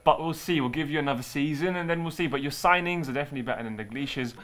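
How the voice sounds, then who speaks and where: A young man co-hosting a casual football chat show, jokey and quick to laugh. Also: a little high. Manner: excitable, jokey, laughs often. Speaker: co-host. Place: studio in London.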